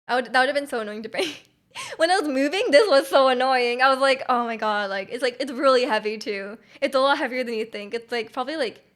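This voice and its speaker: A woman with a Canadian accent streams from a room at home and chats casually with her viewers. Her voice sits a little high. She strings her thoughts together with plenty of fillers and restarts and laughs often. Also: fairly bright tone.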